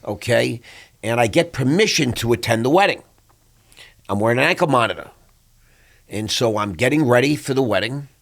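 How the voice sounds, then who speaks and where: A man hosting an interview, telling a personal story in a lively, animated way. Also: medium pitch, moderate pace, creaky, pauses often. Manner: animated storyteller, acts out quoted voices. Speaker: podcast host.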